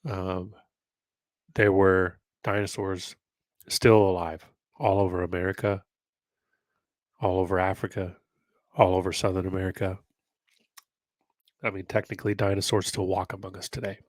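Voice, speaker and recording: A congested man with a nasal tone and a fairly low voice talks casually and reads passages aloud. His sound is dry and close, with no room echo. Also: level tone, normal speed, long pauses. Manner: conversational, musing asides between read passages. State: congested from allergies. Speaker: host of a history-mystery channel. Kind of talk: casual commentary and reading aloud.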